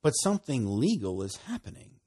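Husky, animated male preacher. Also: mid-range voice, a little fast. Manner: animated, laughing often, dropping to soft asides. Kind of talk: sermon.

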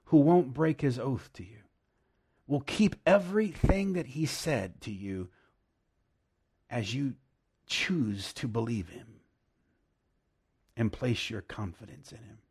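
Husky man preaching a devotional sermon. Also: medium pitch. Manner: emphatic, repeats key lines slowly, drops to hushed praise.

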